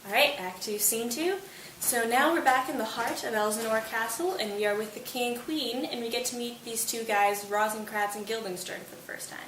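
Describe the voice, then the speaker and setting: A young woman hosts a casual study summary, chatty and playful. Her voice sits a bit high and sounds roomy and far from the mic. A faint hiss runs underneath. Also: moderate pace, a bit bright. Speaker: host of a literature study channel. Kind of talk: casual plot summary for students. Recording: echoey room, distant mic, faint hiss.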